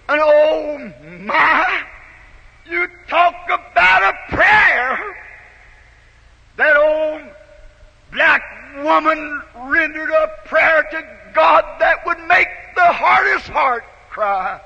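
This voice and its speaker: A man preacher telling a story in a sermon, swelling from soft to shouted, on a dull 1950s tape in a big echoing hall. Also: extremely high pitch, slow pace, gravelly.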